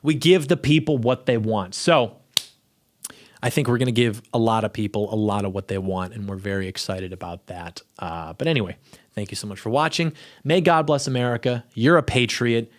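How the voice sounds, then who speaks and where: A man's voice: fairly low pitch, moderate pace. A young adult man, a YouTube commentator, chatting casually and rambling to camera from his home studio, often cutting himself off mid-sentence. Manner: rambling, self-interrupting, offhand. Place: small home video studio.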